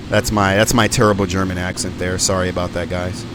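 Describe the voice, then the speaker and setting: A man's voice: low voice, level tone, a little fast, hardly any pauses, noisy background. A man giving live stream commentary on a flight simulator, rambling and thinking aloud with plenty of ums and uhs.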